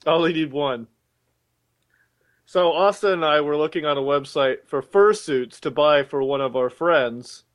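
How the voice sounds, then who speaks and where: A young man with a slightly high voice, swapping crude jokes and stories in a casual chat with friends. He tells tales in a loose, joking way. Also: a little slow. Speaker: podcast co-host.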